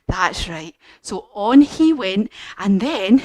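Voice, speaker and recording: Slow, animated woman teaching kids. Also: mid-range voice, no echo, clean studio sound. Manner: animated, encouraging, singsong. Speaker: children's yoga teacher. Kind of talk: storytelling yoga class for children.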